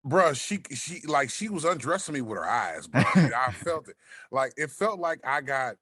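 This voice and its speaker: A man with a deep, smooth voice, chatting as a podcast guest and telling a laid-back story, swearing freely. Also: big pitch swings, normal speed, sharp tone, no echo, studio quality. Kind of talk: casual chat.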